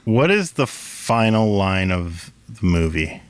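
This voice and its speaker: A man's voice: low-pitched, very animated, takes it slowly, clear, resonant tone, no room sound. A man co-hosting a casual podcast, quizzing his partner and explaining things playfully. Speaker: podcast co-host. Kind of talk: casual chat.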